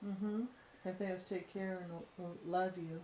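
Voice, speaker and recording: A woman's voice: lowish voice, flat delivery, moderate pace. A woman taking part in a ghost box session who speaks tenderly and wistfully to late relatives. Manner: soft-spoken, tender, wistful. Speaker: paranormal investigation companion. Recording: echoey room with faint background noise.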